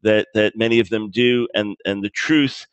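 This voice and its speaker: A man's voice: on the low side, steady tone, moderate pace, smooth, no echo, muffled recording. A man being interviewed about his book, explaining his views earnestly, often restarting phrases and acting out quoted dialogue. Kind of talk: conversational interview.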